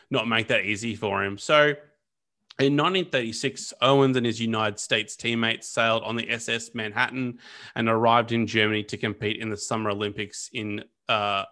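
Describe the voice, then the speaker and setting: A man's voice: fairly low pitch, bright, forceful tone. A man co-hosting a casual history podcast, chatting loosely with plenty of fillers and restarts. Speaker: podcast co-host.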